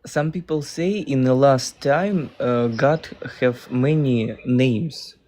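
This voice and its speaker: A man calling into a debate show, halting and hesitant. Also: mid-range voice, darkish tone. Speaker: caller.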